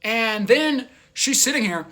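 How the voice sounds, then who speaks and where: A young man telling a story in a rambling, animated way, full of filler words. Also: extremely high pitch, measured pace. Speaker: vlogger. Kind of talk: casual storytelling.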